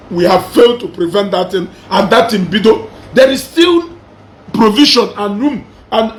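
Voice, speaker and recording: Brief: Igbo-accented Nigerian male commentator, high voice, combative, taunting, repetitive rant. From southeastern Nigeria. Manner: mocking, combative, repeats phrases for emphasis. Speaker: social media commentator.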